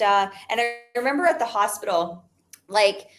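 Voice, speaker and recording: With faint music in the background, a young adult woman speaks at a moderate pace in a medium-pitched, animated, slightly bright voice. The network marketing business owner gives an emphatic, repetitive motivational talk full of "like."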